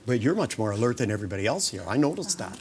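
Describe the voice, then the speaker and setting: An older man, a hypnotist, running a live hypnosis demonstration at a seminar, joking and teasing between slow, soft trance suggestions. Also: on the low side, sing-song, background noise. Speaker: hypnotist leading a training seminar. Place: seminar room with participants.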